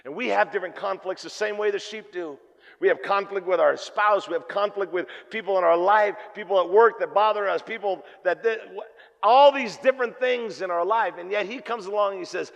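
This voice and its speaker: Gravelly high-voiced pastor in reverberant hall. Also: male voice, moderate pace. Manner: storytelling, jokey, swings from loud to hushed. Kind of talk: sermon. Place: church hall. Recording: long reverb of a church hall.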